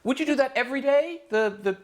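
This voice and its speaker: A man's voice: very high-pitched, fast talker. A male talk show host with a wry, quipping delivery, doing a joking monologue and then interviewing a guest over a video call.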